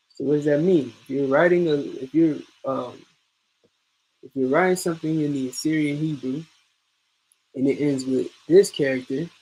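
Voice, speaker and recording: A man's voice: on the high side, creaky, slightly rough, rough recording. A man teaching an online class, patiently drilling each point and repeating it step by step.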